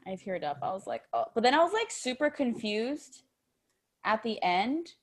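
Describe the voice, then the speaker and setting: Young woman, podcast co-host, casual chat, giggly, animated pitch. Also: moderate pace. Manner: giggly, animated, laughs often.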